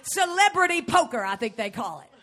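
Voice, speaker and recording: A woman preaching a lively sermon to a congregation, often shouting and acting out little scenes. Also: extremely high pitch, a little fast. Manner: animated, shouting, acts out scenes. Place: church before a live congregation.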